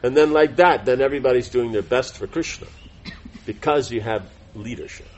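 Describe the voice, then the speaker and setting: Husky man giving a rambling class. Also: mid-range voice, normal speed, dull audio. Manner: rambling, many fillers and self-corrections. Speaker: spiritual teacher giving a class. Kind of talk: informal devotional class talk.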